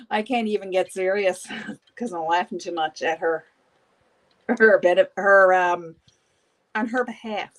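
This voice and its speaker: A woman's voice: medium pitch, very animated, slow, pauses often. A woman hosting a beauty livestream, chatting casually with viewers while doing her makeup, gossipy and often laughing.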